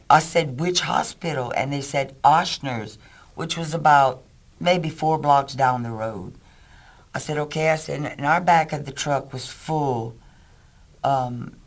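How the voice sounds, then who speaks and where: A man's voice: medium pitch, a little slow. A man telling a rescue story in an interview. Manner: lively storyteller. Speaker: volunteer rescuer.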